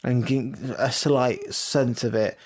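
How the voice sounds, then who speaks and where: A co-host in a relaxed podcast chat. They keep asking questions and pick up each new idea with curiosity. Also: medium pitch, slow. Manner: curious, asks lots of questions. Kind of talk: casual chat.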